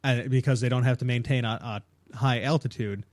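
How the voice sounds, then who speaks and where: Podcast host explaining facts in a dry room. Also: male voice, mid-range voice, steady tone, a little fast, no echo. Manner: explains facts with frequent restarts. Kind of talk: casual chat.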